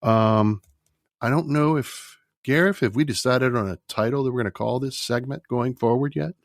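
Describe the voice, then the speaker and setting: A man's voice: mid-range voice, moderate pace, no room sound. A man co-hosts a podcast and chats in an upbeat way with a guest. His voice sits mid-range and the sound is dry and close. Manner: upbeat, chatty interviewer. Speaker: podcast co-host. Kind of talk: casual chat.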